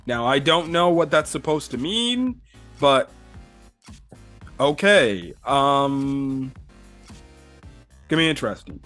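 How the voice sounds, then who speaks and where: A man's voice: medium pitch, very animated, takes it slowly, pauses often, a bit bright, soft background music. A man casually recapping a comic chapter in a rambling way, full of fillers and the odd swear word. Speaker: manga reviewer.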